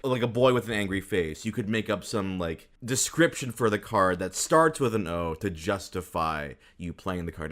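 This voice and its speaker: Low-voiced man, lively rambling host. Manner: rambling, lots of fillers and laughs. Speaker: podcast host. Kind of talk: casual chat.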